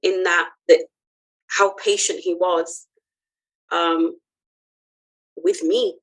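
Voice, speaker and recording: A woman with a somewhat low voice speaks as a podcast guest. She tells her own story earnestly and from the heart, pausing on ums and restarting her sentences. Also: steady tone, poor audio. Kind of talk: personal story in an interview.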